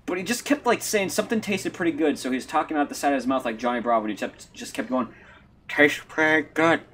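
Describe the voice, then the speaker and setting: A man live streaming a game, rambling through a story in a casual chat with restarts and sudden loud, high exclamations. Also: very fast, breathy edge. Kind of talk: casual chat while gaming.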